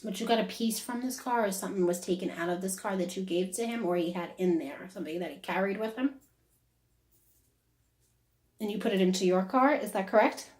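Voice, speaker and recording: A woman's voice: medium pitch, brisk, darkish tone. A woman giving a casual psychic reading who talks on and on and keeps checking "is that correct?". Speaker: psychic medium. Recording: roomy echo.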